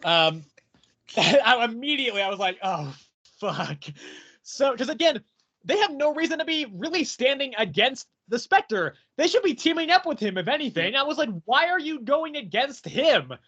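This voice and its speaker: Here a comics podcast co-host talks fairly quickly in a very high voice, with the highs cut off. He's animated and foul-mouthed, ranting through casual conversation and performing quotes as he goes.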